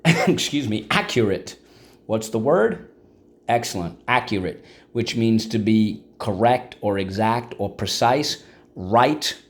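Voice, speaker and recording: A male teacher giving a vocabulary and phonics lesson, encouraging and checking in often with the class. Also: lowish voice. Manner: encouraging, checks in with frequent "okay?".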